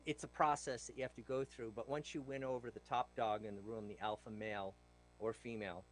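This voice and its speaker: A man's voice: mid-range voice, brisk, a little hiss or hum, rough recording. A man guest on a talk show, telling stories in a loose, plain-spoken way and acting out what he once said to a class. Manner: animated, acts out what he told the class. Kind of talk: casual interview storytelling.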